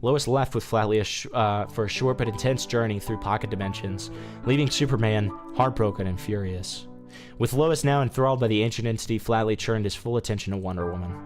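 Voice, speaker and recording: A man's voice: lowish voice, fairly quick, music in the background. A male streamer reading a fan story aloud casually, with asides and restarts.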